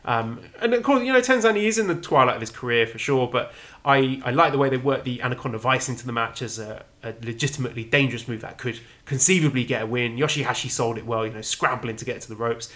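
A man co-hosting a podcast, recapping matches in a measured, wry, casual way. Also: medium pitch, fairly bright tone. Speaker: podcast co-host. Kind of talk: casual wrestling review chat.

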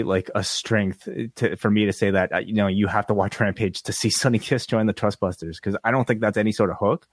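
Podcast co-host, man, lowish voice, hesitant and stammering, dry close sound. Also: dry recording. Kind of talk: casual live chat.

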